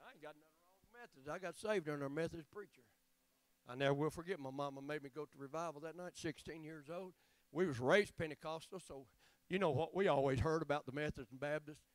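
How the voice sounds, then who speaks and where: A man preaching a revival sermon as guest preacher, telling folksy stories that break into shouting. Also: fairly high pitch, fast talker, no room sound. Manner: folksy storytelling, bursts of shouting.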